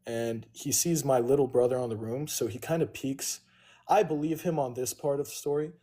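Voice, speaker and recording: A man's voice: mid-range voice, moderate pace, dark tone. A man on a livestream casually telling a long, profane story and owning his mistakes. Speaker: livestream host.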